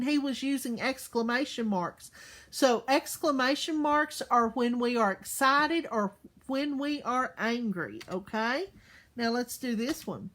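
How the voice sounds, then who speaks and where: A woman teaching young children in a recorded class. She talks slowly and patiently, checking in with "okay?" after each point and asking lots of questions. Her voice sits fairly high and stays unhurried. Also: animated, a bit bright.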